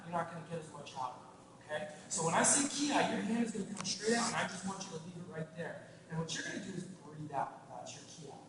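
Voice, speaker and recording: A man teaching a martial arts class, coaching the student through strikes and shouting spirit yells. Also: high-pitched. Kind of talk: demonstrating a class to an adult student. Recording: echoey hall, from far off, noisy.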